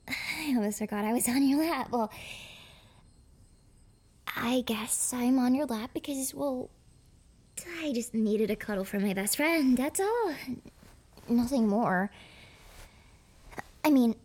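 A young woman voicing a clingy, possessive, obsessive girlfriend in a whispered role-play, with breathy whispers broken by giggles. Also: high-pitched, a little mellow, exaggerated voice. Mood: doting.

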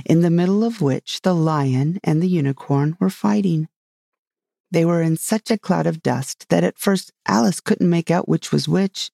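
A man narrating a storybook in a measured storytelling manner. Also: fairly high pitch, creaky, warm tone, no echo, clean studio sound. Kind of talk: storybook reading.

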